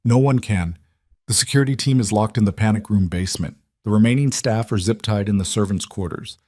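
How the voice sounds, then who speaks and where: A man reading the lines of a calm, cultured female assassin who taunts her target. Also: on the low side, brisk, dry recording, studio quality, lightly acted. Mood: taunting.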